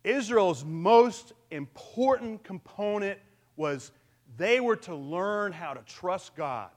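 High-voiced man preaching casually. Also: lively intonation, slow. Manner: conversational, asks the congregation questions, uses humor. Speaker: pastor. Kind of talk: sermon.

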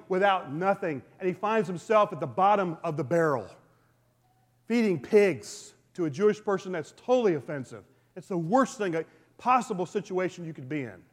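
A man with a high-pitched voice delivers a sermon in a church sanctuary, retelling the story earnestly and often stumbling and restarting his phrases. His voice rings with the long reverb of a large hall. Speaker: preacher.

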